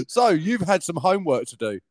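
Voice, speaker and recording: Young southern English man, podcast co-host, sweary and teasing, bouncy high-ish delivery. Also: big pitch swings, normal speed, creaky, a little mellow, no echo, studio quality. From Kent, England. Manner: swears often, laughs a lot, teasing. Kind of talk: casual banter.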